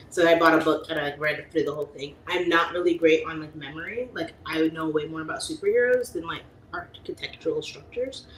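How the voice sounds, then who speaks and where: A woman in her late thirties chats casually on a livestream, answering viewer comments with easy laughter and the odd whispered aside. Her voice sits a little low for a woman. The room around her is echoey, with a faint ambient hum. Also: a little fast, few pauses. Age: 30s. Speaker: livestream host.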